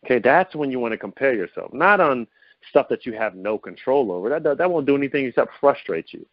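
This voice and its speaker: A man's voice: fast, dry recording. Upbeat man coaching on a lo-fi call. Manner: upbeat coaching tone, asks listeners many rhetorical questions; lively pitch swings to show vocal variety. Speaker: host of a confidence coaching call. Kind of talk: motivational teleconference talk. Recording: dull lo-fi phone-call audio, dry.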